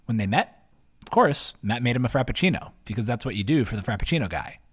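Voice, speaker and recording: A man's voice: mid-range voice, expressive, quick pace, slightly rough. A man reading his own newsletter post aloud as scripted narration, in a chatty way with wry asides. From half Italian.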